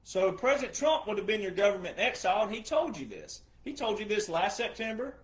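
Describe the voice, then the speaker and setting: A man's voice: high voice, big pitch swings, fairly quick. A man who is a retired veteran, giving an emphatic monologue full of repetition and rhetorical questions. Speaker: retired military veteran commentator.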